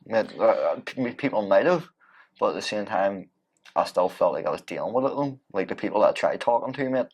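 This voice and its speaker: Low-voiced man, "mate"-heavy chat. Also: a little fast, breathy edge. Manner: relaxed, says "mate" constantly. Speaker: podcast guest. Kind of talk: casual chat.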